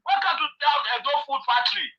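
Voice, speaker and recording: A man's voice: extremely high pitch, fast talker, creaky. A man with a Nigerian Pidgin accent talking politics in casual chat, passionate and firing off rhetorical questions. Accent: Nigerian Pidgin English. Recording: muffled lo-fi phone line.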